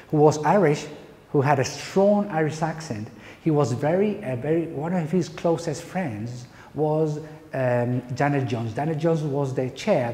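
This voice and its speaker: Spanish-accented male pronunciation lecturer, mellow, slightly high voice, long hall reverb. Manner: emphatic, playful lecturing with rhetorical questions. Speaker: pronunciation teacher. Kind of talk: lecture to university teachers.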